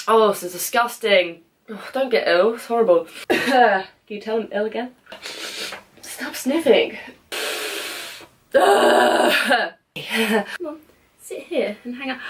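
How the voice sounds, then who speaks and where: A woman's voice: fairly high pitch, fairly bright tone. A young woman with a British accent, rambling and giggling through casual vlog outtakes, often mocking herself. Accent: British English. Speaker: vlogger.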